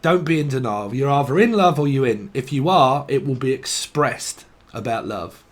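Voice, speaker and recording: A man's voice: medium pitch, lively intonation, moderate pace. A man giving a casual, rambling tarot reading, swearing and laughing between tangents. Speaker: tarot reader.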